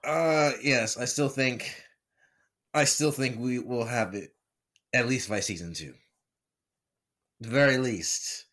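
A man of middle pitch talks slowly and easily. He co-hosts a casual chat podcast, stays laid-back, and tends to repeat his phrases. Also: fairly bright tone. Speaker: podcast co-host.

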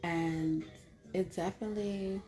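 A woman's voice: on the low side, steady tone, measured pace, warm tone, faint music behind. A woman telling a candid story to her viewers in a casual, blunt way, with a lot of "like". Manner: candid, blunt, heavy use of filler "like".

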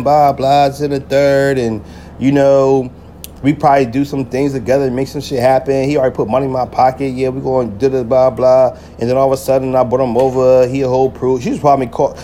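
A man tells a rambling personal story as a podcast host. He drops slang, swears freely and keeps checking in with the listener. His voice sits at an ordinary pitch, with a faint hum in the background. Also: mellow. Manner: loose and profane, heavy slang, many "you feel me" fillers. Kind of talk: casual storytelling monologue.

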